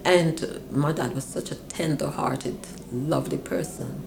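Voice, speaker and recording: Older woman with a gravelly voice. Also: unhurried, noisy background. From Grenada. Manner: animated, acts out her parents' voices with big pitch swings. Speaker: interviewee. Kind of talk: reminiscing storytelling.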